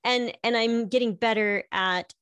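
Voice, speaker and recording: A woman's voice: a little high, fairly even intonation, unhurried, a bit bright, clear, resonant tone, no room sound, highs cut off. A middle-aged woman chatting casually about her marriage, laughing often and filling her talk with "like". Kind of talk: casual personal chat.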